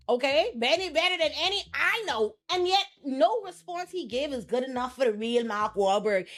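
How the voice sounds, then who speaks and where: Animated, blunt young woman commentator. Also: fairly high pitch. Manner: animated, blunt and profane, acts out quoted people. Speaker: pop culture commentator host. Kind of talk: casual reality TV commentary.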